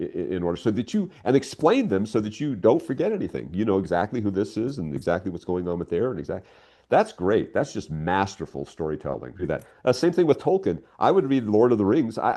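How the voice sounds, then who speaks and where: An older man, a writer being interviewed, talking casually and telling stories with lots of excitement. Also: on the low side. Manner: animated storyteller, voice leaps up when excited.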